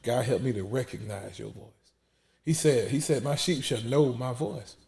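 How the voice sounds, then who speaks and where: A man's voice: mid-range voice, moderate pace, vocal fry, darkish tone. A man, testifying in an emphatic preaching style that repeats words and drops almost to a whisper when emotional. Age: 40s.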